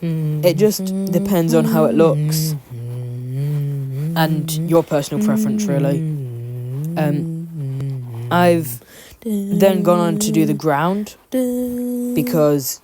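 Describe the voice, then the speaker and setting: A woman's voice: sits low, takes it slowly, long pauses, heavy background noise. A woman giving a rambling, self-deprecating voice-over as she draws, full of ums. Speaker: YouTuber narrating a drawing. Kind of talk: casual voice-over commentary. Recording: loud music behind the voice. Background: loud background music.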